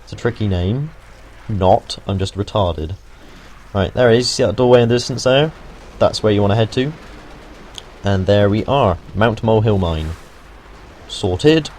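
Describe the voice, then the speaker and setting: A young man from the United Kingdom, voice on the low side and a little mellow, talks at normal speed while hosting a gaming video. His walkthrough is casual and humorous, full of rambling asides and the odd swear. Slight background noise is present.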